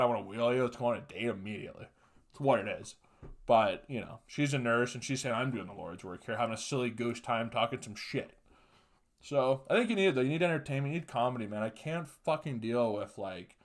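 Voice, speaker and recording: A man hosts his podcast alone, in loose, unscripted talk. He curses constantly and swings from offhand mumbling into loud, punchy ranting. His voice sits in an ordinary middle pitch for a man. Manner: profane, ranting, with loud emphatic bursts. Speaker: podcast host. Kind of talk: casual solo podcast monologue.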